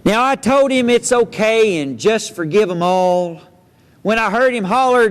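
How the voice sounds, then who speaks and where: High-voiced folksy storyteller man. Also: animated, a little slow. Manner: folksy, playful drawl. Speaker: cowboy poet and storyteller. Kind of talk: storytelling and recited poetry for children. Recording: long hall reverb.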